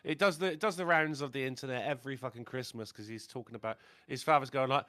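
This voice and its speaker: A man's voice: mid-range voice, fast talker, few pauses, sharp tone, no room sound. A man, joking and telling stories in a casual podcast chat, swearing freely. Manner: swearing, jokey storytelling.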